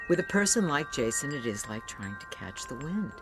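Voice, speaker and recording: An older woman telling personal stories in a documentary interview, laughing and acting out what people said. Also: very deep voice. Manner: storytelling, laughing, acting out quotes. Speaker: interviewee recalling a friend.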